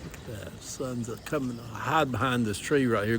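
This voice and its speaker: A man's voice: mid-range voice, normal speed, fairly bright tone, a little hiss or hum. A man in his seventies with a Southern American accent, talking in a rambling, folksy way in a casual vlog, out in his garden. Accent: Southern American, Atlanta Cabbagetown dialect. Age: 70s. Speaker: social media storyteller. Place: outdoors in a backyard garden.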